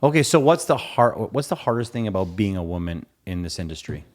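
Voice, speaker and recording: Low-voiced guy hosting a podcast, swings up and down a lot, emphatic. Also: sing-song, fairly quick. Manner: emphatic, encouraging interviewer. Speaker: podcast host. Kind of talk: casual podcast interview.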